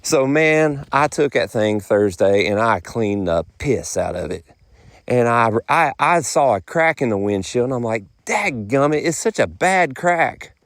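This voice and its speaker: A man's voice: medium pitch, lively intonation, a little slow, no echo. A middle-aged man, rambling through a casual podcast monologue in folksy phrasing. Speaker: podcast host.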